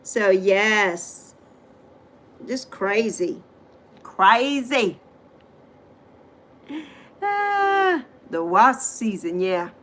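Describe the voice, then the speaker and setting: Here the livestream host speaks very slowly, leaving long pauses, her medium-pitched voice swinging widely in pitch with a fairly bright tone. She's a middle-aged woman from the U.S. Virgin Islands, chatting animatedly and answering viewer comments with emphatic exclamations.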